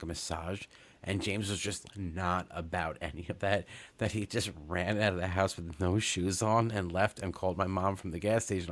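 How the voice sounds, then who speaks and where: A New man in his thirties tells a long story on his podcast. His voice sits very low and stays casual. He rambles, restarts his sentences, and swears all the way through. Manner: rambling, profane, lots of fillers and restarts. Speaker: podcast host.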